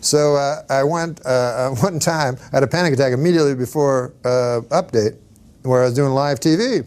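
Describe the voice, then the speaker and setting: A man, a comedian, telling rambling deadpan stories as a talk-show guest. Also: mid-range voice, moderate pace, smooth. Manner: deadpan, rambling, with many fillers.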